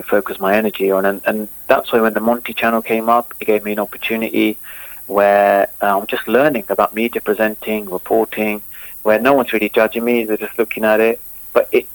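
A man's voice: on the low side, no echo, poor audio. A man, a cricketer being interviewed, talks eagerly and rambles with many fillers and restarts. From England. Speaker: cricketer and guest.

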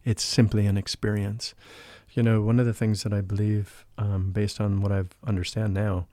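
Earnest guy telling his spiritual story, low mellow voice, dry close sound. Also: little pitch movement, moderate pace, dry recording. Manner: earnest, emotional, drops to a hushed voice for quotes. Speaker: podcast guest, spiritual life coach. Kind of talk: storytelling in a casual interview.

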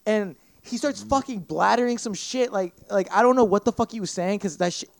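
A man's voice: high voice, fairly quick, creaky, dry recording, studio quality. Rambling, foul-mouthed young man telling a story. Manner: profane, rambling, animated retelling with acted-out quotes. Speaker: podcast guest. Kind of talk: casual storytelling.

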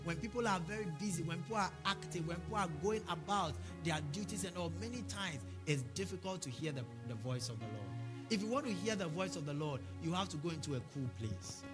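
A male pastor delivers a sermon with fervent, repetitive declarations. His voice sits a little high for a man. Soft music plays faintly beneath him. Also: expressive, fast. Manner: fervent preaching with repeated declarations.

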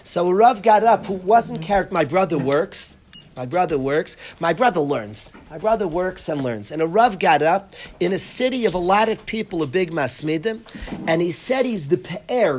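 A man's voice: sits high, lively intonation, normal speed. A man gives a Torah lecture to students. He speaks earnestly, repeating his points and mixing in Hebrew and Yiddish terms. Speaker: rabbi teaching in a yeshiva.

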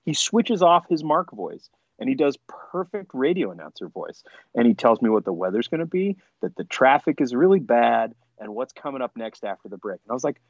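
A man's voice: medium pitch, brisk, dry recording, lo-fi sound. A man telling funny stories in a casual podcast chat, laughing often. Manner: animated, laughing storyteller. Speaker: podcast guest.

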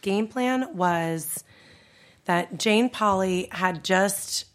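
A woman cycling instructor, under the weather with a stuffed-up, husky voice, chatting casually as a podcast guest. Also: mid-range voice, very slow.

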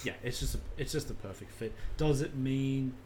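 A man's voice: medium pitch, moderate pace, a little mellow, a little hiss or hum. An Australian man chatting casually as a podcast co-host, laid-back and chuckling. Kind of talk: casual chat.

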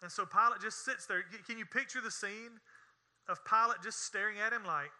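A man's voice: high-pitched, brisk, sharp tone. A man preaching a sermon in a folksy, emphatic way, with scornful asides. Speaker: pastor.

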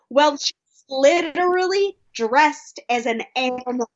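A woman with a high voice walks through a reality show episode in a dry, matter-of-fact way. Her sound is dull and lo-fi, as if from a cheap remote mic. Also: animated, normal speed, fairly bright tone. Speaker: podcast co-host. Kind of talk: casual recap chat.

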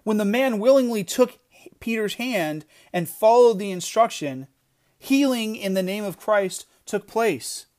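A man's voice: high voice, animated, unhurried, a little mellow. A middle-aged man giving an earnest devotional talk, emphatic, often restarting his phrases. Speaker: podcast devotional speaker.

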